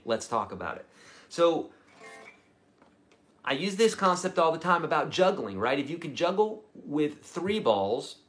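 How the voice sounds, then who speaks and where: A man in his forties, a guitar teacher giving a casual, encouraging livestream lesson with chatty, self-deprecating asides. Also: on the high side. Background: guitar playing.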